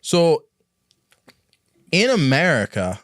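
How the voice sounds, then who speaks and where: A man's voice: on the high side, huge pitch swings, slow pace, a bit bright, no room sound. Man hosting, rambling questions, dry sound. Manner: asks long, rambling questions. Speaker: podcast host. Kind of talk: casual podcast chat.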